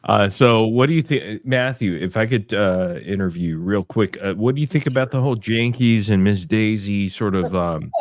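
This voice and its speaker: A man's voice: lowish voice, normal speed, few pauses. A man asking questions on an online panel, joking and teasing, his voice jumping up in mock surprise. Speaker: panel interviewer. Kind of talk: casual chat.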